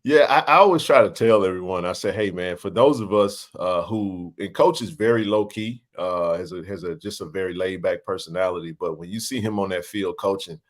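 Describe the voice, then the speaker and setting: Chatty guy hosting a sports podcast, kinda low voice, rambles through his questions. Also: fairly quick, few pauses. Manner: talkative, long winding questions. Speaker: podcast host. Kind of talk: casual interview.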